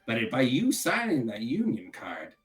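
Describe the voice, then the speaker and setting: A man voicing a smooth-talking anti-union recruiter with a glib, sarcastic manner. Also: mid-range voice, huge pitch swings, moderate pace, faint music behind.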